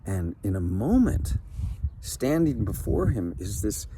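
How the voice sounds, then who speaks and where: A man narrating a folk tale in a relaxed, conversational way with occasional fillers. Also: on the low side, slow. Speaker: storyteller. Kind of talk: improvised story narration. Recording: background noise.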